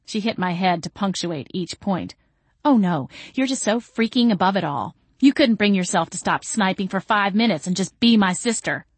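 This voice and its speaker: A woman voicing a furious older sister who yells and sneers accusations in a storybook reading. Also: mid-range voice, animated, normal speed, breathy edge, no echo. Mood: hurt, mocking. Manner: yelling, sneering.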